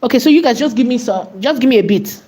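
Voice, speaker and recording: A woman's voice: a little high, lively intonation, fast talker, warm tone, a little hiss or hum. A woman hosting a live tutorial, chatting to her viewers as she walks through steps and often checking in with "right?". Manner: chatty, often asks "right?" and talks to the chat. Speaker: AI video tutorial host.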